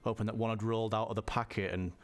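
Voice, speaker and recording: A man telling a personal story in a halting way, often repeating words and restarting. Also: on the low side, little pitch movement, clean tone. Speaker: vlogger.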